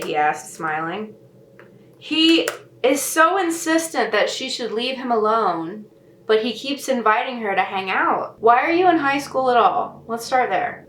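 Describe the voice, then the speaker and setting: A woman's voice: on the high side, animated, unhurried, a bit bright. A woman writer reading a novel aloud and breaking in with sarcastic, snarky commentary in casual talk. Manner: sarcastic, snarky asides between read passages. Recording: echoey room with faint noise.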